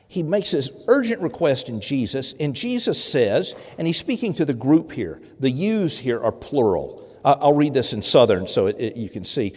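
A man delivering a sermon in a loose, conversational manner, stumbling over and repeating words as he explains a text. His voice sits at an ordinary middle pitch. The room gives a long, ringing reverb around him. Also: darkish tone, breathy edge. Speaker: pastor.

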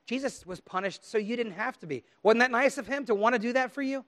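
A man's voice: very high voice, fast talker, fairly bright tone. A middle-aged man, a pastor, reading scripture solemnly and then telling a story to children with many questions.

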